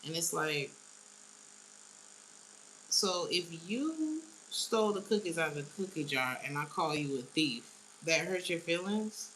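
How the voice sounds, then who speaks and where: Woman, low-pitched tarot reader, blunt slang, frequent laughs; faint hiss on the track. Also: animated, a little slow, long pauses, fairly bright tone, rough recording. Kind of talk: casual tarot reading.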